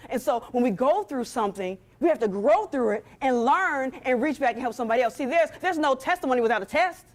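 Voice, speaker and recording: A woman giving a motivational talk from a stage, speaking straight to the audience with a lively, preacher-like rhythm. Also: high-pitched, fast talker.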